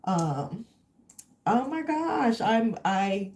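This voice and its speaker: Her voice sits on the high side, very animated yet very slow, with a darkish tone. A travel vlogger from Texas, she rambles in casual live chat with viewers, full of fillers and wandering asides.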